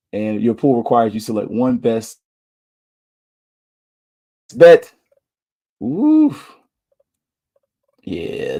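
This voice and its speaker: A man's voice: medium pitch, a little mellow. Laid-back man talking sports picks. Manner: loose, slangy, thinking aloud. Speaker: podcast host. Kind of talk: casual sports picks chat. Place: Orlando.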